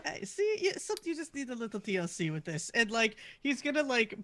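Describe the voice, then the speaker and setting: A woman player in a tabletop game, chatty and quick to laugh, with lots of fillers. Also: a little high, big pitch swings, fairly bright tone. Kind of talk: playing a character in a tabletop game.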